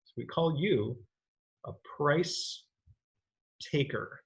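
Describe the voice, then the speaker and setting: A man's voice: fairly high pitch, expressive, extremely slow, creaky. A man giving a recorded economics lecture, explaining step by step and often checking in with the listener. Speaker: economics teacher.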